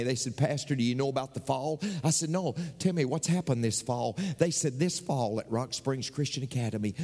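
A man preaching a sermon as pastor, swinging between sudden high bursts and slow, drawn-out lines. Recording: long hall reverb.

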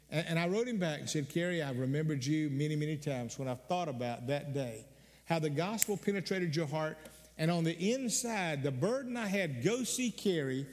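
Older male pastor, fairly high voice, earnest storytelling sermon, long hall reverb. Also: a little mellow. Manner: earnest storytelling with repeated words and sudden emphatic rises.

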